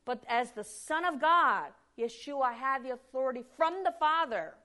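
A woman preaching a Bible sermon, posing rhetorical questions and answering them, shifting from hushed lines to loud emphasis. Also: sits high, expressive, moderate pace.

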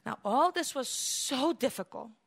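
A woman preaching a sermon in an animated way, acting out quotes and swinging between loud exclamations and quiet asides. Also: high-pitched, unhurried, gravelly.

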